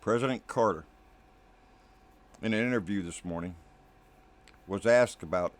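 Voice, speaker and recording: Speaking at a measured pace, a man hosting a political commentary channel launches into an angry, profane rant to camera. He keeps calling the listener "baby" and regularly drops into low, muttered asides.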